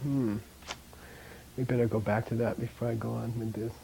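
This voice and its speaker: Guy teaching a language class, mellow low-key voice, repeats the sounds over and over, keeps saying okay. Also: level tone, moderate pace, gravelly, husky, rough recording. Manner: drills sounds by repeating them, checks in with "okay?".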